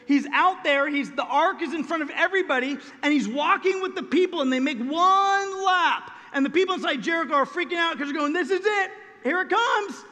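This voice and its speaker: A male pastor preaching a sermon, dramatically acting out prayers and God's voice, swinging between loud and soft. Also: extremely high pitch, long reverb tail.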